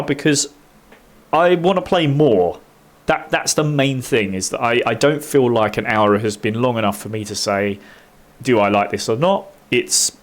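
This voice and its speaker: A man casually commenting on his gameplay in a chatty, self-mocking way, with lots of fillers and bits of humming. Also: mid-range voice. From United Kingdom. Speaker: gaming streamer.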